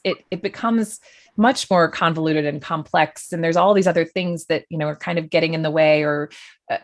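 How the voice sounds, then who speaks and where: A woman's voice: low voice, vocal fry. A woman guest on a podcast, speaking thoughtfully with many fillers and restarts. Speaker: guest, journalist. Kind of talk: conversational podcast interview.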